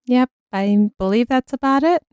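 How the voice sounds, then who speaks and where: A woman's voice: on the high side, expressive, normal speed, darkish tone, smooth, no echo, muffled recording. A woman playing a tabletop role-playing game in a casual, friendly way, at times speaking as her character. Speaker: player.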